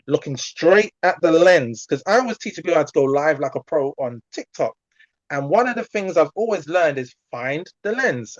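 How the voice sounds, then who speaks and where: Casting: male coach in a chatty video-call masterclass, slightly high voice, dull dry sound. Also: dry recording. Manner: chatty, animated, acts out examples. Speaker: community coach.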